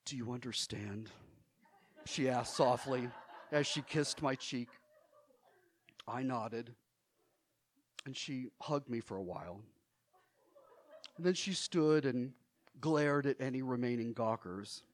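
A middle-aged man telling a personal story from his childhood on stage, theatrical and animated, often laughing as he speaks. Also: medium pitch, takes it slowly, long pauses.

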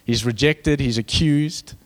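A young man preaching a sermon, animated and joking with the congregation, building to fervent emphasis. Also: mid-range voice, a little slow. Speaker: pastor.

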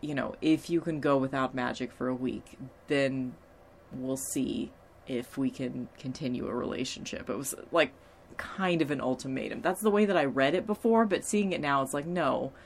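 Low-voiced woman, casual blunt chat. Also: normal speed, vocal fry, a little hiss or hum. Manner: candid, swears freely, restarts and fillers. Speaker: TV episode recapper.

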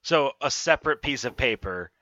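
A man's voice: medium pitch, lively intonation, normal speed, sharp tone. A man narrating as game master, teasing his players dryly, on a dull lo-fi recording.

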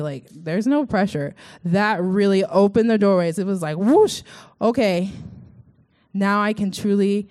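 A woman's voice: fairly low pitch, a little mellow. A young woman from Texas telling her personal faith story in an earnest, chatty way, with many fillers. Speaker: vlogger.

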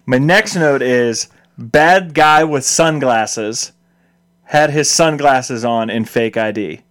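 A man co-hosting a casual chat, retelling movie scenes with animated disbelief. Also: mid-range voice, takes it slowly. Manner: animated, incredulous storytelling. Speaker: podcast co-host.

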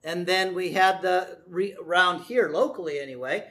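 A middle-aged man preaching a sermon in a folksy way, with joking asides, slowing down to stress key words. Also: high-pitched, a bit bright. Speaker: pastor.

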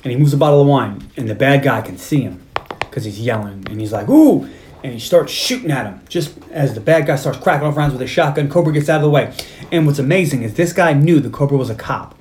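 A man co-hosting a movie podcast, chatting casually as he walks through a film scene by scene. He slips into quoted lines of dialogue as he retells them. His voice sits in a middle pitch. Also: fast, a little mellow, slight background noise. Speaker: podcast co-host.

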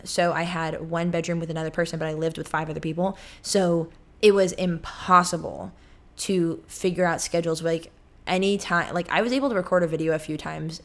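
A young woman in her twenties hosting a casual solo podcast from her apartment, rambling and chatty, often cutting herself off. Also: fairly low pitch. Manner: rambling, chatty, self-interrupting with many likes. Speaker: podcast host. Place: apartment room.

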